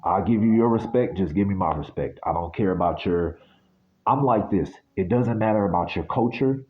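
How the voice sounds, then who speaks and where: A man's voice: low voice, narrow, tinny audio. A man from the United States giving a casual spiritual reading that turns into a blunt, sweary rant. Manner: blunt, ranting, swears freely.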